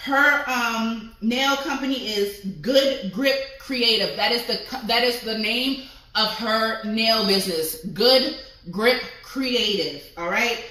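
Bright-voiced chatty woman, echoey room. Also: fairly high pitch. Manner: effusive, chatty, swearing casually. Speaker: vlogger. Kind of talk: casual vlog shout-outs.

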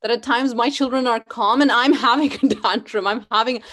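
A woman's voice: on the high side, steady tone, brisk. A woman hosting a casual interview over a video call, chatty and laughing as she talks. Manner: warm chatty host, laughs often. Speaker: host.

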